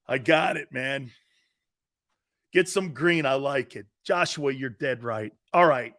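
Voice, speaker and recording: A man hosting a live sports talk show, loud, joking and blunt, laughing often. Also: medium pitch, slow pace. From lives in Florida.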